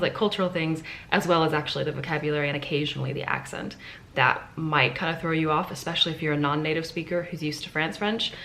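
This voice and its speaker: A woman's voice: low-pitched, fairly bright tone, a little hiss or hum. Chatty woman vlogging from a hotel room. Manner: chatty and enthusiastic, thinks aloud. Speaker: travel vlogger. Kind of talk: casual vlog talk to camera.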